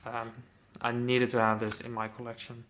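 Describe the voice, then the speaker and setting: Man vlogger, casual showcase, excited and profane, slight background noise. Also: medium pitch, moderate pace. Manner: enthusiastic, swears casually, frequent ums. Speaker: metal CD collector vlogger.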